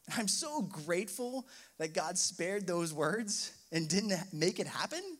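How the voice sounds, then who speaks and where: A young man preaching to his congregation in a high, light voice. He tells a personal story in his sermon and climbs into impassioned, emotional outbursts before settling back down. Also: lively intonation, measured pace. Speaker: pastor.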